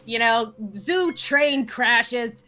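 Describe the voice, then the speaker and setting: Brief: a woman playing a chatty dead Southern grandma type, bright and rambling, slightly high. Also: extremely slow, heavily acted. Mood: dismissive. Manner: rambling, folksy, nostalgic chatter. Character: gossipy ghost of an old small-town woman. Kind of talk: tabletop role-play.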